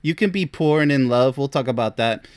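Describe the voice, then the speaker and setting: A man's voice: medium pitch, brisk, smooth. A man, a relationship coach, reacting to a case with scolding, incredulous commentary and laughing between remarks.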